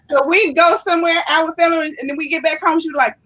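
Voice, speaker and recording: A woman co-hosting a casual chat, telling stories in an animated way and acting out what people said. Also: extremely high pitch, fairly quick, rough recording. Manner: animated storytelling, acting out quotes. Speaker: co-host.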